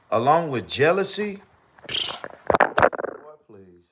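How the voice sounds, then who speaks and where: A man's voice: medium pitch, lively intonation, unhurried, a bit bright. A man talking casually on a live stream. He comments animatedly and repeats points for emphasis.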